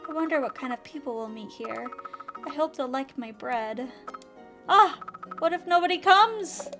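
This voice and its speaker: A woman's voice: high voice, lively intonation, normal speed. A woman voicing a cheerful, eager young witch who runs a bakery, over game music. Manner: bubbly, eager.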